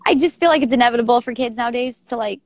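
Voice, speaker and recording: A woman's voice: fairly high pitch, rapid-fire, dry recording. A woman co-hosting a casual chat, laughing often and swearing freely. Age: adult with a young son. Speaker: co-host of a poetry show.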